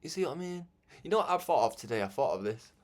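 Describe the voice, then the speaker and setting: A man's voice: fairly high pitch, very animated, quick pace. A man giving an informal spiritual talk, rambling and conversational, laughing often and stumbling over restarts. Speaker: religious broadcaster.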